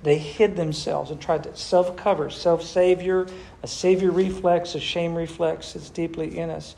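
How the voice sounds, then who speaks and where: Pastor, emphatic preaching, rhetorical questions, mid-pitched voice. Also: level tone, normal speed, creaky, dark tone. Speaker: pastor leading a church discussion. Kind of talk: sermon and group discussion.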